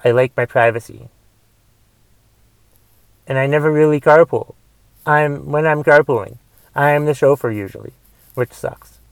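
A young man rants on his own podcast, rambling and grumbling with plenty of restarts and the odd curse. His voice sits a touch high for a man and comes across smooth and resonant. The sound is close and dry, with no room around it. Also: normal speed, pauses often, dry recording. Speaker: podcast host. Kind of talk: casual solo podcast rant.

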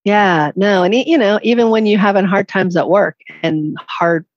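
A woman's voice: medium pitch, moderate pace, no echo, highs cut off. A woman guest, author and life coach, talking openly and earnestly in a casual interview.

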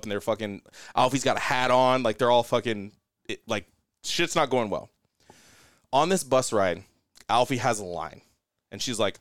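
Excitable swearing man retelling a movie. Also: medium pitch, no echo, studio quality. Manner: excited, profane, rambling storytelling. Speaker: podcast co-host. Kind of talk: casual chat.

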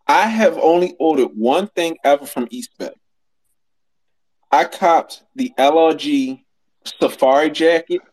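A man co-hosting a casual live audio chat, telling stories in a lively, self-mocking and profane way. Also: a little high, unhurried, poor audio. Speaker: podcast co-host.

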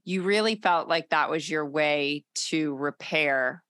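A podcast host gently prompting and affirming a guest in conversation. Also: medium pitch, takes it slowly, clear, resonant tone, no echo, studio quality. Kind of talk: conversational interview.

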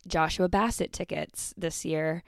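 A young woman in her twenties hosts her own podcast and tells a rambling story. She talks casually, with lots of asides and fillers. Her voice sits a little low and sounds smooth and clear, recorded dry and close. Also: fairly even intonation, measured pace, no room sound. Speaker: podcast host.

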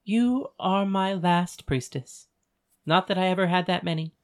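A voice actor playing an ancient goddess who speaks in a calm, soothing and measured way. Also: medium pitch, smooth, close to an everyday voice. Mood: gentle. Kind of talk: audiobook dialogue reading.

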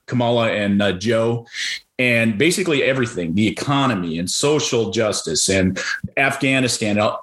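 A man's voice: medium pitch, reverberant. A man co-hosting a political talk show who rants angrily and swears a lot. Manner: profane, ranting, shouts in anger. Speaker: podcast co-host. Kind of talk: heated political chat.

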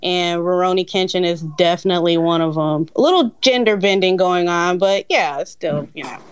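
A woman talking as a guest comic artist in casual chat, animated and laughing often. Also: on the low side, normal speed, smooth.

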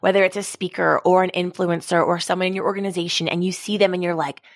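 Energetic woman speaking emphatically, dry sound. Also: on the low side, fast, no echo. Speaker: podcast guest, author and speaker. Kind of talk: casual interview talk.

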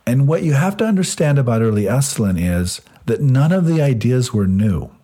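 A man's voice: medium pitch, very animated, a little fast, mellow, breathy edge. A man answering in an interview, explaining at length in a thoughtful, storytelling way. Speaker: interview guest.

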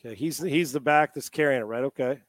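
A man's voice: medium pitch, quick pace, dry recording. A man co-hosting a casual show, reacting with laughing disbelief while watching football film. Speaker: co-host.

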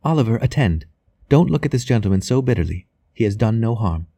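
A man's voice: lowish voice, animated, brisk, dark tone, no echo, pitched above the performer's own voice. A man reading as a sweetly mocking young wife. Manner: sweetly mocking, coolly in control.

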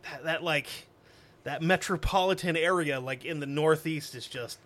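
A man's voice: a little high, normal speed, fairly bright tone. Profane joking man on a podcast. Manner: profane, joking, reads quotes aloud. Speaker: podcast co-host. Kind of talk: casual history podcast chat.

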